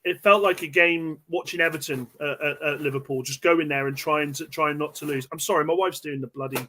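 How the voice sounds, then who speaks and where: Lively man ranting about football. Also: fairly high pitch, a little fast, a little hiss or hum. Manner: animated, swearing, repeats himself, stumbles over restarts. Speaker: podcast host. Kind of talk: casual football chat. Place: home room.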